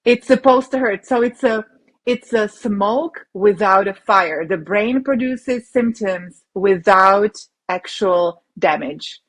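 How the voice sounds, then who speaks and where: A woman doctor, a rheumatologist, explaining ideas in an interview in an animated way with many restarts. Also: medium pitch, slow pace. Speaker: rheumatologist guest.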